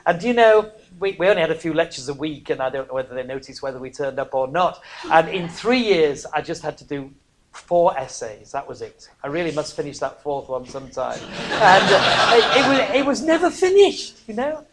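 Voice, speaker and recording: A preacher, giving a sermon that swings from hushed near-whispers to loud, emphatic cries, broken by chatty, self-mocking asides. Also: medium pitch, sing-song, brisk, a little hiss or hum. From northern England.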